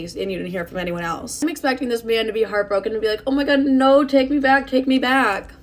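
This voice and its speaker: A young woman in her twenties telling her own dating stories in a casual, sassy, profane and self-mocking way. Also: medium pitch. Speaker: storyteller. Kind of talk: casual confessional storytime.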